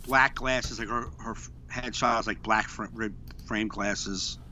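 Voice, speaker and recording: A young man co-hosting a podcast, telling stories in a lively way and acting out what people said. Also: lowish voice, a little slow, a little hiss or hum. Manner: animated storyteller, acts out quotes. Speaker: podcast co-host. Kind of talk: casual chat, storytelling.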